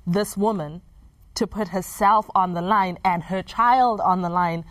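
A woman's voice: medium pitch, a little slow, no echo. A woman, a mother, speaking as a podcast co-host in an earnest, reflective way. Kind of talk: casual chat.

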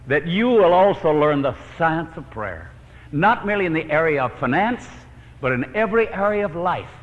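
A man's voice: medium pitch, fairly bright tone. A man preaching a sermon, telling a personal prayer story with dramatic storytelling and acting out his own prayers. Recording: lo-fi hall recording with long reverb.

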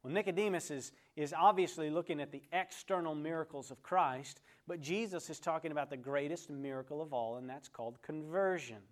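A man's voice: on the high side, brisk, hardly any pauses. A man teaching a conversational Bible lesson. He tells a story and then asks the class questions, calling on people by name.

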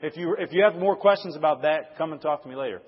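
Emphatic husky male preacher in a hall. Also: a little high, fast. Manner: emphatic, asks the crowd to fill in words; dynamic, swings from loud stresses to hushed asides. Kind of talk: sermon to a live audience. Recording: dull, echoey hall recording.

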